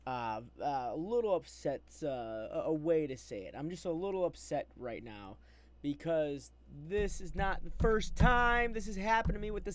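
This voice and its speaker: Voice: mid-range voice, fairly bright tone. A live streamer in a casual, agitated rant, upset and restarting often, talking through wired earbuds. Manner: agitated, ranting, with many restarts. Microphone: wired earbuds with mic.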